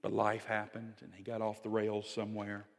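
A man's voice: fairly low pitch, monotone, normal speed, gravelly. Middle-aged man preaching in a reverberant sanctuary. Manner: swings from loud preaching to hushed, near-whispered storytelling. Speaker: pastor. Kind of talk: sermon.

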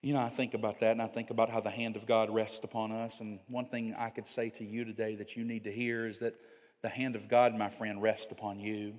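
A middle-aged male pastor with a fairly low, flat-pitched voice preaches fairly quickly, alternating loud emphatic lines with hushed storytelling near a whisper. His words ring out with a long reverb tail.

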